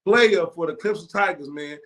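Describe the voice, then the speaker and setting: A man hosting a live talk show, talking in a high-energy, slangy, hype-man way. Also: normal speed, fairly bright tone. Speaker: talk show host and stadium announcer. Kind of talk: hyped casual live talk.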